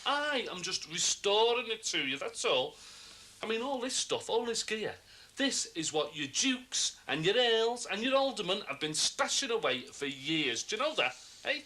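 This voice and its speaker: A man's voice: high-pitched, big pitch swings, moderate pace, sharp tone, full character voice. An actor playing a cocky, wisecracking man from in a TV soap, who turns to menacing hisses. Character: cocky chancer man selling stolen goods. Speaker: wheeler-dealer mate. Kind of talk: TV soap acting. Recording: faint hiss on a TV soundtrack.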